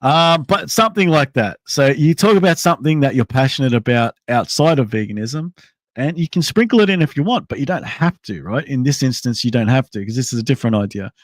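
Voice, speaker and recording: A man talks loosely on his livestream at a middle pitch, rambling and restarting as he thinks aloud. He answers chat messages in a casual way. The sound is dry, with no room echo. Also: expressive, brisk. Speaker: livestream host.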